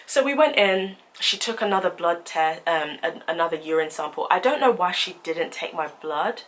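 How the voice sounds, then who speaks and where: Young woman, vlogger, bright voice, animated storytelling, faint background hiss. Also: on the low side, moderate pace, low-quality recording. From United Kingdom. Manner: animated, indignant retelling. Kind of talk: storytelling vlog.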